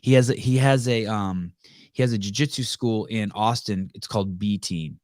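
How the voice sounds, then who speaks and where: A man hosting a podcast in casual chat, excitable and swearing freely, often trailing off into fillers. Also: on the low side, moderate pace, dry recording, studio quality. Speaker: podcast host.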